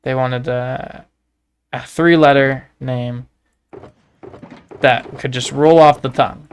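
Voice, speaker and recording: A man's voice: mid-range voice, clear, resonant tone. A man with a Canadian accent, chatting and telling jokey stories while livestreaming a game. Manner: joking, rambling storyteller. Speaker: livestreaming gamer. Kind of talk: casual gameplay commentary.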